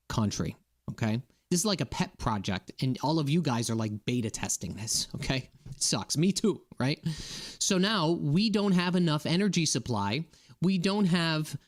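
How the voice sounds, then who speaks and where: An indignant man with a slightly higher voice rants casually to his viewers. He keeps checking in with "okay?" and "right?" as he talks. He is from Massachusetts. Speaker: political commentator. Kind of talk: casual political rant to viewers.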